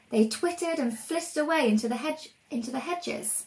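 A woman reading a storybook aloud to children in a lively, expressive way. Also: high voice, normal speed, few pauses, rough recording. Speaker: reader.

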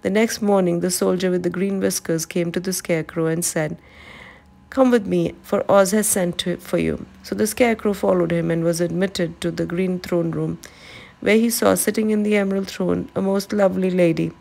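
A woman narrating a classic storybook aloud with a calm, steady reading. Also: fairly low pitch, a little fast, vocal fry.

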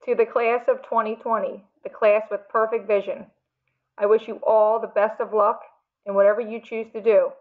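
A woman teacher giving steady advice in a video message to graduates. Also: medium pitch, moderate pace. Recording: tinny phone-like audio.

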